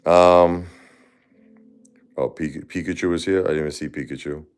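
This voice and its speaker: A man hosting a livestream, grieving and halting as he talks, often repeating himself. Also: low voice, fairly even intonation, clean tone, faint music behind. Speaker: livestream host. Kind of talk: emotional livestream talk.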